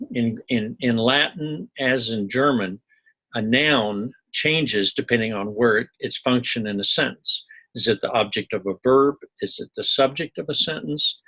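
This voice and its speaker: A man's voice: mid-range voice, sharp tone, slightly rough, poor audio. A middle-aged man from Missouri giving a loose, digressive recorded lecture, full of asides and small jokes. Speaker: university instructor.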